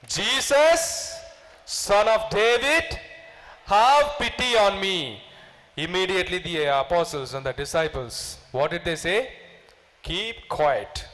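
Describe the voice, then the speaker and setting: A man's voice: sits high, fairly bright tone. A man preaching a sermon, asking the congregation questions and leading them in repeated call-and-response prayer. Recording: long hall reverb.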